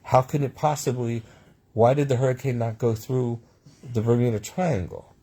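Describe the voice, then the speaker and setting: A man's voice: medium pitch, fairly even intonation, normal speed, warm tone, breathy edge. A man telling his own life stories in a rambling way, with frequent restarts and asides. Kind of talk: personal storytelling monologue.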